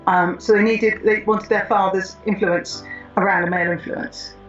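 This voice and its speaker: A woman in her fifties telling her own story in an interview, reflective and thoughtful with frequent pauses. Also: medium pitch, fairly even intonation. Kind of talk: personal storytelling. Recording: slightly muffled with soft music.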